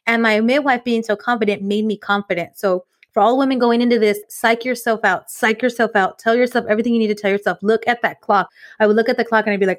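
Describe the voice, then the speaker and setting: A fast-talking woman in her forties chats on a podcast, bouncing through a personal story and acting out the people in it. Her voice sits fairly high and the sound is dry and close, with no room around it. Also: dry recording. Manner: animated, acts out quoted voices. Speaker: podcast co-host. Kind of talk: casual storytelling chat.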